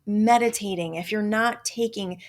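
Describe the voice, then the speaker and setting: A woman's voice: mid-range voice, normal speed. An older woman hosting a motivational self-help talk show, emphatic and blunt, swearing casually and now and then slipping into a joking Southern drawl. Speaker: podcast host.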